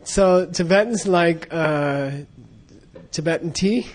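A man's voice: fairly high pitch, takes it slowly. A man telling a casual, rambling story with lots of fillers and frequent laughs. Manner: rambling, many fillers and restarts, laughs often.

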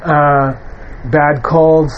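A man's voice: fairly high pitch, little pitch movement, drawn-out words, lo-fi sound, slight background noise. A man giving an informal spiritual teaching, telling stories in a conversational way, with frequent "you know". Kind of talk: informal dharma talk.

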